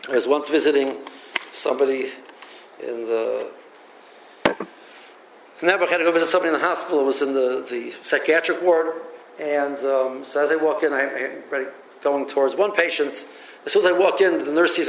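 Male rabbi, high-pitched, halting and repetitive, recorded in a roomy space. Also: a little hiss or hum. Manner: halting and repetitive, thinks aloud. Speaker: rabbi teaching a class. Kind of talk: teaching a religious text, with stories. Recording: echoey room with faint ambience.

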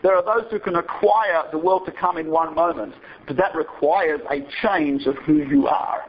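A high, husky male voice belongs to a rabbi telling a story to his students. He talks in a chatty way, wanders off on side remarks and keeps checking in with a quick "right?". The recording sounds dull and lo-fi. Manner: digressive and chatty, checks in with listeners with rhetorical "right?". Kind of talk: storytelling lecture.

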